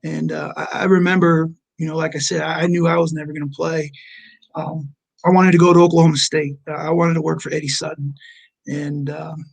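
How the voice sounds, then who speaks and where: A man in his forties, a basketball coach, telling an earnest story over a remote call with halting restarts. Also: a little high, creaky, low-quality recording. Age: 40s. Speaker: junior college basketball head coach.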